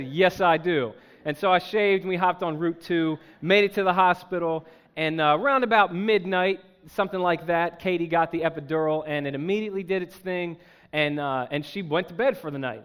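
A young adult man preaching in a church service, telling a personal story with self-deprecating humor and animated delivery. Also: a little high, smooth. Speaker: pastor. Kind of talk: sermon storytelling.

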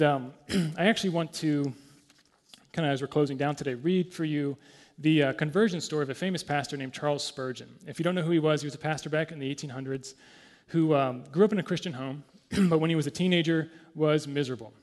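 Guy pastor preaching casually in church, lots of ums and throat clearing, slightly high voice. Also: quick pace, darkish tone, in a large hall. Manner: conversational, many fillers, clears throat often. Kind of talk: sermon.

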